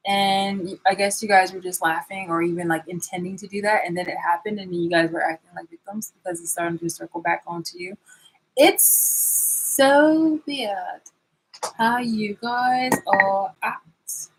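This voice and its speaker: A woman's voice: fairly low pitch, level tone, quick pace, hardly any pauses, husky, low-quality recording. A woman vlogger in a rambling, sarcastic rant, swearing and restarting her sentences as she calls people out. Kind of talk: confrontational vlog rant.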